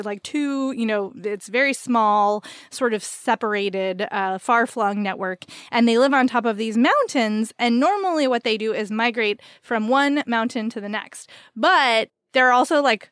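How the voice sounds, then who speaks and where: Woman, podcast co-host, fairly high voice, dry close sound, animated, chatty. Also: no echo. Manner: animated, filler-heavy, enthusiastic. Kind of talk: casual book-recommendation chat.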